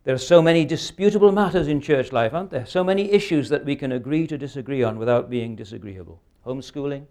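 A man's voice: medium pitch, fast, mellow. A man in his sixties preaching a sermon, earnest and emphatic, often ending points with rhetorical questions. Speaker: pastor.

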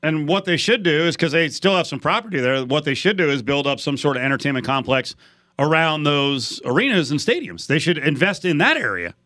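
A man hosting a sports talk radio show, animated and chatty, getting loud when excited. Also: on the high side, a little fast, dry recording, clean studio sound.

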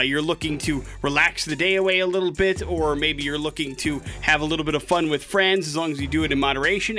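A male radio host with a high, bright, forceful voice tells a news story in chatty, wry banter, dropping dry jokes along the way. Faint music plays under him in the studio. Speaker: radio morning show host.

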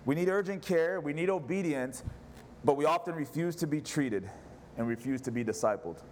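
A man's voice: medium pitch, a little hiss or hum. A pastor preaching a sermon in church, an impassioned man who fires off rhetorical questions. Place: church service.

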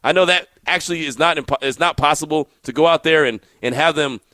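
A man hosting a sports radio show, telling stories in an animated way and acting out the quotes. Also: on the high side, quick pace, dry recording. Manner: animated storyteller, acts out quotes. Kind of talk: casual sports radio talk.

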